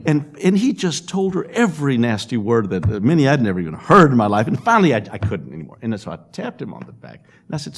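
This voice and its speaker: A man speaks at a public panel, his pitch rising and falling in a lively, animated way. He tells stories and slips into the voices of the people in them. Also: a little fast, gravelly, slightly rough. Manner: storytelling with acted-out quotes and laughs.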